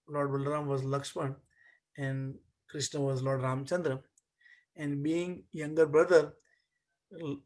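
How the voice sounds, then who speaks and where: A man tells a devotional story to a class, his voice sitting a little above the usual male range. He narrates in an animated way, often restarting his phrases as he goes. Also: a little high. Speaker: spiritual teacher.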